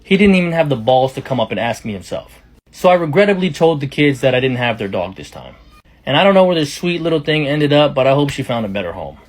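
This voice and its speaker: A man telling a personal story in a casual storytime style, chatty and rapid, with quoted asides. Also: medium pitch, very animated.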